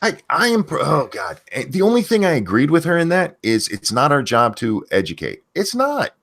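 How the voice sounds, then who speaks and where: A man's voice: mid-range voice, very animated, a little fast, a bit bright. A man hosting a livestream, ranting bluntly and swearing a lot. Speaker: channel host. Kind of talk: profane ranting commentary on a stream.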